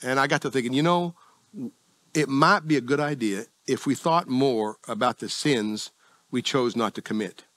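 Southern pastor guy, middle-aged, folksy sermon, jokes on himself, voice jumps up high now and then, dry close mic. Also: normal speed, fairly bright tone, dry recording. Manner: folksy, self-deprecating, conversational with sudden pitch jumps.

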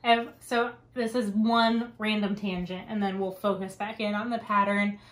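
A woman's voice: mid-range voice, little pitch movement, moderate pace, fairly bright tone. A young adult woman hosting a podcast in casual chat, talkative and given to tangents and laughter. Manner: chatty, laughs often, wanders onto tangents. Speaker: podcast host.

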